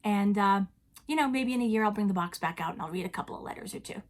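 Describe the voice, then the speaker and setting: A woman, hosting a chatty personal vlog from her home closet and talking straight into the camera in an animated, theatrical way. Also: medium pitch, quick pace. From New England. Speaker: vlog host.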